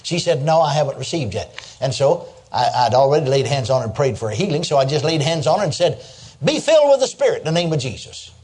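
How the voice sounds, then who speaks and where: A man's voice: a little high, big pitch swings, quick pace, a little mellow. An older man preaching a sermon, telling stories in a folksy way and chuckling as he goes. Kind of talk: sermon with storytelling.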